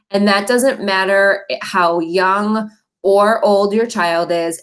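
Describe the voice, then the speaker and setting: A middle-aged woman leads a recorded training for parents. She speaks in a friendly, encouraging way, at a middle pitch, and laughs lightly between points.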